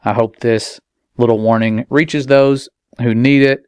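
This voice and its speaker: A man delivers a serious faith-based warning in a clear, resonant mid-pitched voice. The recording is dry and close, and his pace is measured and earnest, slowing to drive his points home. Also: fairly even intonation, darkish tone, dry recording. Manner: earnest, measured, slows for emphasis. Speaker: parent and video maker. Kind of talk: earnest religious warning monologue.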